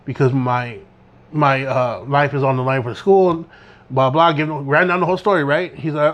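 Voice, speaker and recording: A man's voice: mid-range voice, steady tone, moderate pace, fairly bright tone. A young man co-hosting a podcast, telling a school story in casual chat and acting out both sides of the dialogue. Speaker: podcast co-host.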